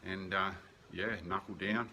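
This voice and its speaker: A man's voice: low-pitched, fairly even intonation, unhurried, sharp tone, slight background noise. A middle-aged Australian man rambling earnestly through a casual video diary, with lots of ums and blunt, sweary asides. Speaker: vlogger keeping a lockdown diary.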